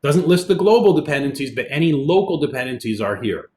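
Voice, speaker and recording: A man, a college instructor, giving a relaxed online programming lecture, explaining as he goes with fillers, with keyboard typing in the background. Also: fairly high pitch, brisk. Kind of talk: recorded online lecture with screen demo.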